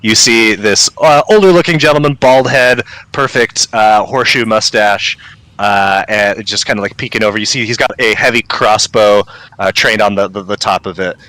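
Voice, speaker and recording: A man runs a tabletop game as game master, describing the scene in a halting way full of ums and restarts. His voice is bright and forward. The sound is close and dry. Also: lowish voice, no echo, poor audio.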